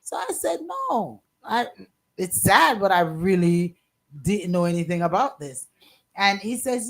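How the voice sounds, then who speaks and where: Expressive woman co-host, mid voice. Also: mid-range voice, measured pace. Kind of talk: casual radio talk show chat.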